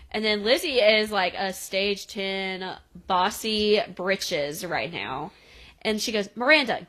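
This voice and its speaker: A woman co-hosting a podcast, casually recapping a TV episode and acting out the characters' lines in quick voices. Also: medium pitch, expressive, a bit bright, rough recording. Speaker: podcast co-host.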